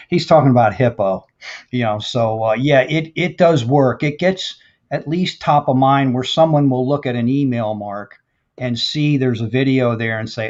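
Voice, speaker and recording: A man's voice: mid-range voice, normal speed, darkish tone. A chatty male host with a mid-range voice hosts a casual video-call show. His audio sounds dull and lo-fi, with the top end rolled off. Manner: chatty, reads viewer comments. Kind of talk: casual interview chat.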